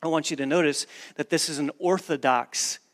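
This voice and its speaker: A man's voice: fairly high pitch, normal speed. A man preaching a sermon in an earnest, emphatic way, driving points home with repeated phrases. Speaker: pastor.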